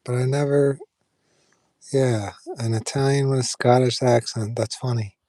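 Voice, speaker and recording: A man's voice: mid-range voice, steady tone, unhurried, warm tone, no room sound. A man chatting casually with viewers on a live stream, rambling with fillers and restarts.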